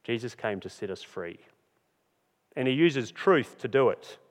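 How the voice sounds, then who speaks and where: A man's voice: mid-range voice, expressive. Earnest male preacher in a reverberant hall. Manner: earnest, emphatic, slows on key phrases. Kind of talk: sermon.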